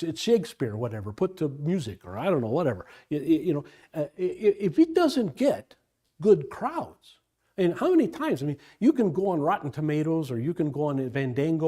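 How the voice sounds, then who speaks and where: A man's voice: on the high side, warm tone. Rambling older pastor, a man. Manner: rambling, digressive, many restarts. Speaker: pastor leading Bible study. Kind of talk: informal Bible study teaching.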